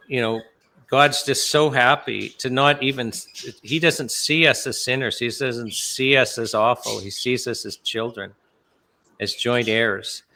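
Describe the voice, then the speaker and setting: A man retells a parable with earnest, lively storytelling. His voice has a gravelly rasp and a bright edge. He talks at an ordinary middle pitch. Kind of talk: retelling a Bible parable on a talk show.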